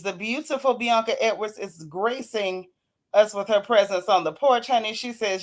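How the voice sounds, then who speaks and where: A woman's voice: medium pitch, moderate pace. A sick, worn-out woman hosting a casual livestream, greeting her viewers by name in a folksy, teasing way and calling them sis and child. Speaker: livestream host.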